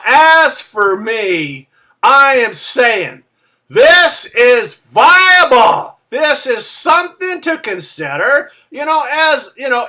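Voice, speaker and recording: Slow, bright-voiced woman ranting emphatically. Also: high-pitched. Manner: emphatic, searching, bursts into raised voice. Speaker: vlogger and MLM member. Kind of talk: impassioned rant to camera.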